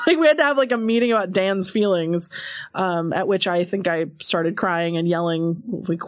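A woman guest in an interview telling a candid story in an animated way, laughing often between quick asides. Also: mid-range voice, no echo, studio quality. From Seattle area.

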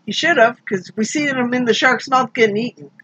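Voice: mid-range voice, fairly quick, bright, forceful tone, lo-fi sound, slight background noise. A speaker in casual chat about a movie, making dry, wisecracking comments. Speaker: podcast co-host recapping a movie.

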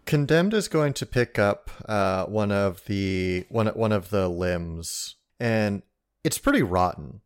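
A man's voice: lowish voice, expressive, takes it slowly, clean tone. A man playing a tabletop game, speaking hesitantly with many fillers. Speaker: player.

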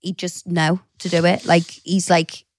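A woman's voice: lowish voice, little pitch movement, measured pace. A woman co-hosting a podcast in casual banter, teasing her partner and mocking him with put-on voices. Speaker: podcast co-host.

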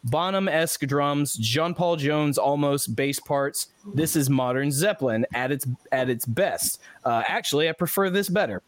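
A man hosting a podcast, casually reading listener comments aloud with animated asides and frequent laughs. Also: fairly high pitch, normal speed, few pauses, no room sound. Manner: animated, laughs often, restarts sentences. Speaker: podcast host.

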